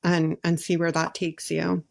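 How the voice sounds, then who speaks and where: A woman's voice: fairly low pitch, completely flat delivery, a little slow, gravelly. A woman co-hosting a podcast, agreeing and adding reflective thoughts in casual conversation. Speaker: podcast co-host.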